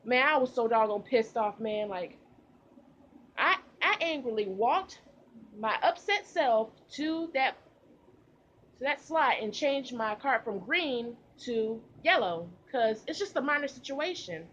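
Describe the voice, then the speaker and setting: A young woman vlogger recording outdoors, telling a casual storytime with animated delivery and slang. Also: fairly high pitch, unhurried, highs cut off, slight background noise. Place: outdoors in humid heat.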